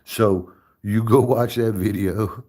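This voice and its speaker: A low-voiced man chatting on his livestream into a desk mic. He swears freely, gets animated and keeps laughing at his own stories. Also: slow. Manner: profane, animated, laughs often. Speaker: streamer host. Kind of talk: casual livestream chat.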